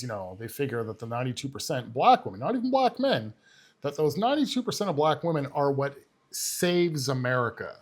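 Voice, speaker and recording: A man hosting a political commentary video, talking casually and dismissively with plenty of filler words. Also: medium pitch. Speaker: commentary channel host.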